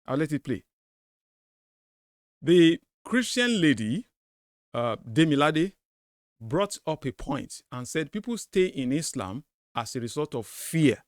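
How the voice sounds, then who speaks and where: Male commentary host, high-pitched, insistent and repetitive, close and dry sound. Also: very animated, slow pace, pauses often, no echo. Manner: emphatic, repeats his points. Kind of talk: commentary on a debate clip.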